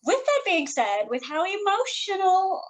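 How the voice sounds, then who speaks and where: High-voiced tearful woman co-host. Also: sing-song, a little slow, rough recording. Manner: earnest, emotional, talks through tears. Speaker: podcast co-host. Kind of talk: casual chat.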